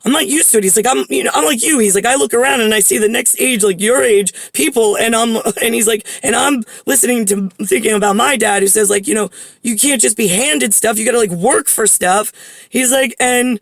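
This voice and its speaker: A woman rambles through a personal story in a vlog, leaning on "like" and cursing bluntly when riled. Her voice carries a gravelly fry and a fairly high pitch. The sound is dry and close, with no room echo. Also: brisk. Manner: rambling, many "like" fillers, blunt swearing. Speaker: vlogger.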